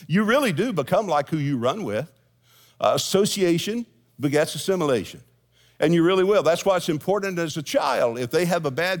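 A middle-aged man preaching a sermon as senior pastor, folksy, telling jokes and stories to his congregation. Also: on the high side. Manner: folksy storytelling with jokes and asides. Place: church sanctuary with congregation.

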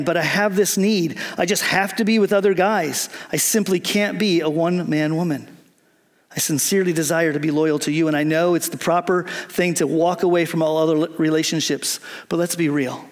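A man's voice: on the high side, lightly acted. A man voicing an eager, fickle young woman who gushes and bargains with her fiancé. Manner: pleading, bargaining, gushing.

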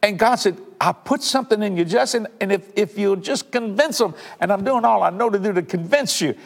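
An older man with a drawl leads a fervent televised sermon and prayer. His voice sits somewhat high for a man and rings with long hall reverb. He repeats key lines for emphasis, then drops into hushed, earnest asides. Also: fairly quick, gravelly. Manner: swings from loud declarations to hushed earnest asides. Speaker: televangelist preacher.

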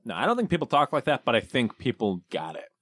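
A man's voice: medium pitch, wildly swooping pitch, fast talker, fairly bright tone, husky, no echo. A laid-back man trades jokes in a loose podcast chat and is easily amused. His voice swings up and down with a lot of life. It is recorded close and dry. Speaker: podcast co-host. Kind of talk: casual banter.

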